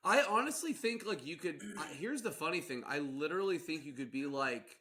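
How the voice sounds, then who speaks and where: A young man co-hosting a podcast in casual chat, animated and rambling, often laughing and restarting his sentences. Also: on the high side, a little fast. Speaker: podcast co-host.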